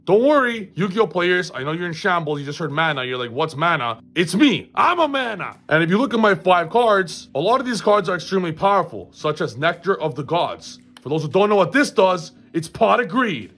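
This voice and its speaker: A man's voice: high-pitched, expressive, a bit bright. A young man hosting a gaming vlog, hyped and boastful as he explains a card game. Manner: hyped, boastful, fast-talking. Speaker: gaming YouTuber host.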